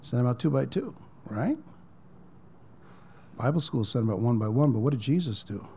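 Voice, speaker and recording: A man's voice: mid-range voice, expressive, moderate pace, mellow, muffled recording, slight background noise. A man preaching as a pastor in a conversational storytelling way, repeating words and dropping almost to a whisper at emotional points. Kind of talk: sermon storytelling.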